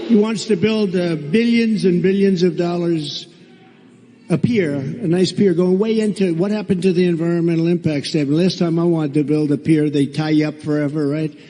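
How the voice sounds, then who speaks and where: A man's voice: a little high, fairly even intonation, moderate pace, warm tone. A man giving a rally speech in a blunt, repetitive, sarcastic manner. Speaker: political candidate at a rally. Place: large rally venue. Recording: long reverb of a large hall.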